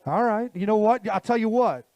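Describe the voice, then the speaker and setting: A man emceeing a live fishing tournament weigh-in outdoors on a handheld mic, hyping the crowd and stretching out shouted weight totals. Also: high-pitched, animated, no echo. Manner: hype announcer, drawn-out shouted totals. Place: outdoor lakeside weigh-in stage.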